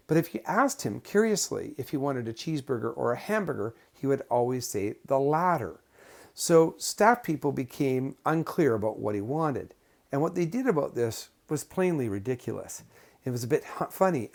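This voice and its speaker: Gravelly-voiced man giving a lesson. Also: mid-range voice, a little mellow. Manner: storytelling, plain-spoken, explanatory. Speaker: behavior management instructor. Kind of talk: recorded lecture with anecdotes.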